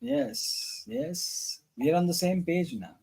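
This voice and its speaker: A man's voice: high voice, big pitch swings, slow, gravelly, dark tone, slightly rough. Joking man with an Indian accent. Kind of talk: casual chat.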